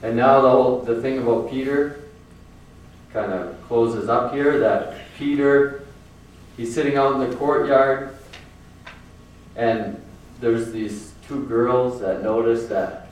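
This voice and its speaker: A man's voice: mid-range voice, fairly even intonation, slow pace, long pauses. A man preaching a sermon in a casual, earnest way, repeating phrases for emphasis. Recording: very echoey room from far off.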